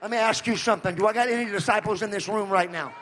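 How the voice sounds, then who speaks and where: A male pastor from Central California preaching a sermon, calling out to the room and repeating his lines as he builds to shouts. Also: high voice, fast talker. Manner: calls to the room and repeats himself.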